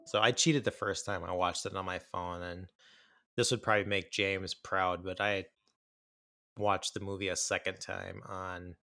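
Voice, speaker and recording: A man's voice: sits low, vocal fry, fairly bright tone, dry recording, studio quality. A man co-hosting a casual chat about horror films, enthusiastic and rambling, with many fillers and restarts. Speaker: podcast co-host.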